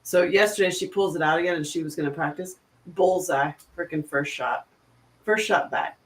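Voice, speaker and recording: A middle-aged woman chatting casually, telling animated stories and laughing often. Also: sits low, moderate pace. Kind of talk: casual chat.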